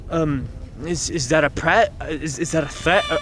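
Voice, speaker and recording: There is a little hiss or hum as a young man with a fairly bright voice, speaking at moderate pace, plays a story game outdoors. The gaming YouTuber voices characters in a playful high falsetto and adds rambling jokes between lines.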